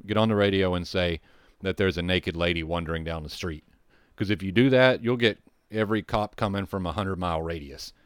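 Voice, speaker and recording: A man with a deep, smooth voice recounts a call from his firefighting days in a loose, rambling way. He swears freely and circles back with asides and restarts. The recording is close and dry, with no room sound. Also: fairly quick, dry recording. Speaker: firefighter telling a call story. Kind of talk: casual storytelling.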